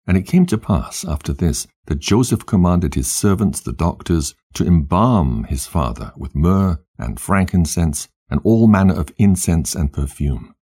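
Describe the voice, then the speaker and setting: Man, narrator, scripture reading, steady, solemn, very low pitch, dark tone. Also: husky.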